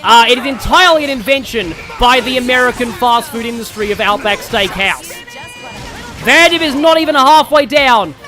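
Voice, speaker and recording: Aussie guy streaming a game, over the top shouty ad-man voice, really high and sharp. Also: moderate pace, soft background music. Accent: Australian. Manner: loud over-the-top shouty pitchman voice kept up as a bit. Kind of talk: gameplay livestream commentary.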